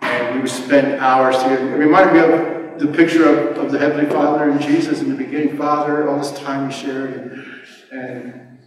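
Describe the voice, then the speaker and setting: A middle-aged man preaching a sermon, swinging from hushed tones to shouting. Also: mid-range voice, steady tone, normal speed. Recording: roomy hall, mic far off.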